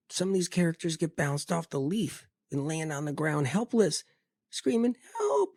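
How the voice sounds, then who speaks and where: A man's voice: fairly high pitch, a little mellow, no echo, clean studio sound. A man delivering a scripted health monologue, telling it vividly with emphatic repetition. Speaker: health speaker.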